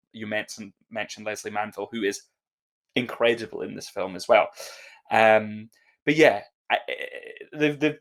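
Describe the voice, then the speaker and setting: A man co-hosting a podcast, talking casually and earnestly about films, full of effusive praise and some restarts. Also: medium pitch. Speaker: podcast co-host. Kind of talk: casual film chat.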